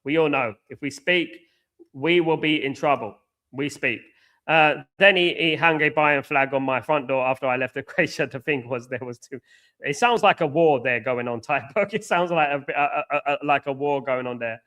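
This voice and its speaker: A man's voice: medium pitch, normal speed, a bit bright. An English man hosting a live football watchalong, reading out viewer comments and giving blunt, opinionated takes, often repeating himself. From England.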